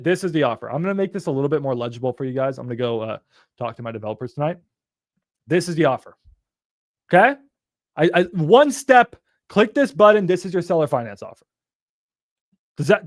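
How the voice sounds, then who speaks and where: A man teaching on a live stream in an energetic, rambling way, with some swearing. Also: a little high, no room sound, studio quality. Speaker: real estate investor teaching on a live stream.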